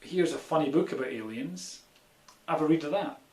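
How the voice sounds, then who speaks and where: A man's voice: fairly high pitch, expressive, moderate pace, darkish tone, natural voice. Kindly librarian lady, coaxing and friendly, as a man quotes her, echoey room. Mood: encouraging. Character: kindly woman school librarian, encouraging.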